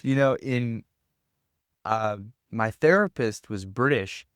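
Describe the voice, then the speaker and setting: This young Tennessee man's mid-range voice is animated, smooth, and a bit bright, moving at a slow pace. As a podcast guest in a backpacker hostel, he makes casual conversation, rambling and self-deprecating with frequent laughter. The studio recording is clean, with no room sound.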